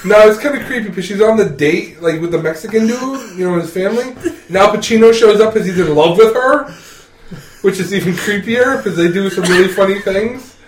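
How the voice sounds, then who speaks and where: A man's voice: high-pitched, fairly quick, slight background noise. A man in casual chat, animatedly recapping a comedy film and laughing as he goes. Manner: animated, laughs through his retelling. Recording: roomy sound from a distant mic.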